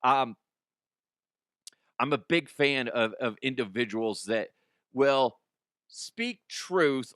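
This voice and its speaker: A man's voice: mid-range voice, bright, forceful tone, clean tone, dry recording, clean studio sound. A man hosting a comedy podcast in casual, rambling chat, laughing often and swearing. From Colorado. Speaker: podcast host.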